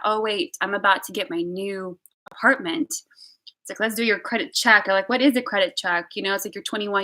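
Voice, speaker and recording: A woman in her late twenties tells stories in a relaxed, rambling vlog style, with lots of "like" and "um" along the way. Her voice is bright and clear, and it sits at an ordinary middle pitch. When she quotes her friends she jumps into a higher, excited voice. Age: late 20s. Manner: chatty, rambling storytelling with lots of fillers; acts out friends' lines in a high excited voice. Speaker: vlogger. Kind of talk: casual chat.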